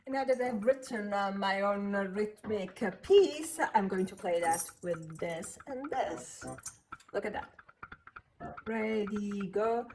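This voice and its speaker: Slow, patient woman teaching rhythm. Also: medium pitch, noisy background. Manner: slow, patient, chanting counts and rhythm syllables. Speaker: piano teacher. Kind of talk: beginner music lesson, counting rhythms aloud.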